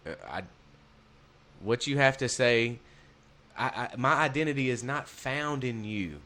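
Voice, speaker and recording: A man's voice: medium pitch, measured pace, bright, forceful tone. A man with a Southern US accent, co-hosting a podcast in casual chat and joking through his asides. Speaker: podcast co-host.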